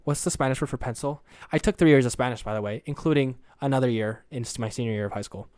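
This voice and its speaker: Brief: young male solo podcaster, dry close sound, mid-pitched, crude and rambling. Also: quick pace, a little mellow, no room sound. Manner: rambling, crude, self-deprecating, jokey. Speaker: podcast host.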